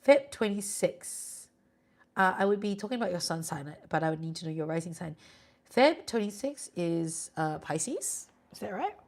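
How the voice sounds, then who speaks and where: A woman's voice: on the low side, animated, normal speed, darkish tone. A Singaporean woman doing tarot readings on a live stream, chatty and reassuring with viewers. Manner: chatty, reassuring, sprinkles "lah". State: sleepy, yawning.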